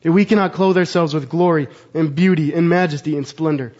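A man's voice: a little high, a little fast, a little mellow. A man in his thirties, a pastor preaching a sermon with earnest, rhetorical questions. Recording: slightly dull, muffled sound.

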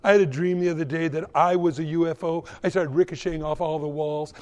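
A man's voice: on the high side, steady tone, quick pace, darkish tone, close to an everyday voice. A man voicing a laid-back, spacey hippie man who talks with a drawl, in an echoey hall.

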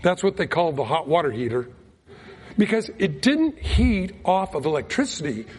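A man preaching a sermon, telling a folksy mission story with lively acted-out quotes. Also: a little high, normal speed, slightly rough. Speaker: pastor. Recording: long reverb of a large hall.

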